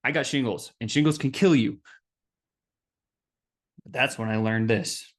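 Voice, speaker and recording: Animated man telling a sales story. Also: medium pitch, unhurried. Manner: animated, acts out quoted voices. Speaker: podcast host. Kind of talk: storytelling business talk.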